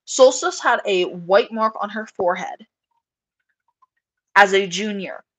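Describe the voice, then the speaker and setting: A young woman chats casually on a live show. She rambles in an animated way, full of fillers and little acted-out quotes. Her voice sits at a middle pitch. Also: slow, poor audio. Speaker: rabbit breeder on a live show. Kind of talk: casual chat.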